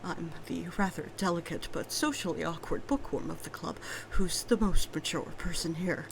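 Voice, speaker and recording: A woman voicing a shy, delicate young female bookworm who speaks softly and primly, in overly elaborate wording. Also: on the low side, moderate pace, gravelly, a little hiss or hum, voice pushed down, rough recording. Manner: soft, prim and verbose.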